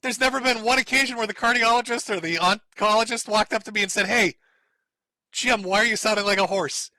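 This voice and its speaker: A man's voice: sits high, fairly quick, sharp tone, no room sound. A middle-aged man hosting a live stream, giving sarcastic, mocking commentary on a clip and laughing often. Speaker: streamer host.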